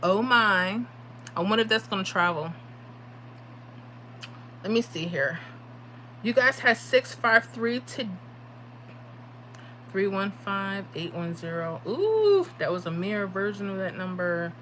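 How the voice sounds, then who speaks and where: Bright-voiced tired woman streamer. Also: mid-range voice, measured pace, pauses often, slight background noise. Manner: chatty, reads out viewer comments. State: tired from little sleep. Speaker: livestream host giving lottery predictions. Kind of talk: casual livestream chat.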